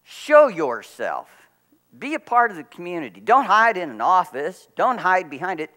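A middle-aged man preaching a sermon as pastor, telling stories with lively swings from quiet to loud. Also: brisk. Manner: animated storytelling, big swings in pitch and volume.

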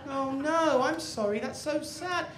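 A man putting on a cooing, high-voiced girlfriend. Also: a little slow, very noisy. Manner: cooing, coaxing. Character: doting young girlfriend, sweet and soothing. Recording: echoey rooftop with loud crowd.

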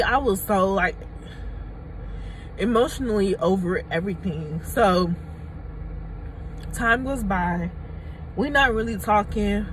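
A woman's voice: medium pitch, slight background noise, poor audio. A young adult woman telling a personal story on her vlog, candid and emphatic, full of slang and swearing. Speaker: mommy YouTuber.

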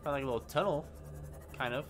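Over game music, a male gaming YouTuber talks at a quick pace in a medium-pitched voice. His gameplay commentary is casual and rambling, full of stammered restarts and panicked yelps when something startles him.

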